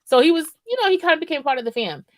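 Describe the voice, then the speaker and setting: Woman podcast co-host, casual and profane, rambling style, slightly high pitch, dry close recording. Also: lively intonation, very fast, no room sound. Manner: profane, rambling, keeps asking "right?". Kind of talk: casual chat.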